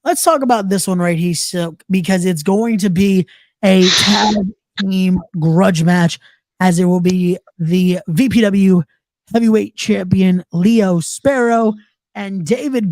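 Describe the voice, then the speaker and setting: A man's voice: high voice, a little mellow, no room sound. Man hosting a wrestling podcast, repetitive. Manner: repeats words, playful trash talk. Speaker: podcast host. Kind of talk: casual wrestling podcast chat.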